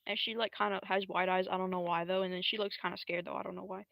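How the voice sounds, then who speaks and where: A young adult woman livestreaming in casual, slangy, rambling talk, swearing freely and jumping into squeaky high voices to quote characters. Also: flat delivery, fast, creaky, fairly bright tone, low-quality recording. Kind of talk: casual live-stream commentary.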